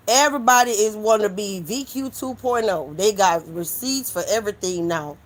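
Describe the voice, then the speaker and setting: A woman's voice: medium pitch, normal speed, few pauses. A woman hosting a casual livestream, talking bluntly and with lots of swearing. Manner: blunt, animated, profane. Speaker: livestream host.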